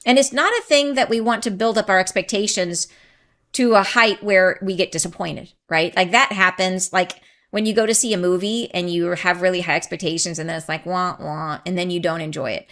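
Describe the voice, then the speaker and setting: Woman, podcast host; chatty and excitable, loose spiritual talk, prone to tangents. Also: fairly low pitch, a little fast. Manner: chatty, rambling, goes off on tangents; laughs often, excitable. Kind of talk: casual spiritual talk to listeners.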